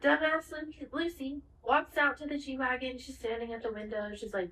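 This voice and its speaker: A woman co-hosting a podcast in casual chat, retelling a TV finale with lively acted-out lines and plenty of swearing. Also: high voice, moderate pace, few pauses, roomy sound, distant mic, poor audio. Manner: animated retelling, acts out the characters' lines, swears freely. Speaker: podcast co-host.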